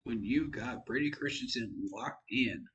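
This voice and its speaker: This football vlogger's voice is medium-pitched and fairly bright, unhurried, captured with lo-fi sound. He's tired and yawning, giving rambling, frank commentary on his own channel with plenty of self-deprecation.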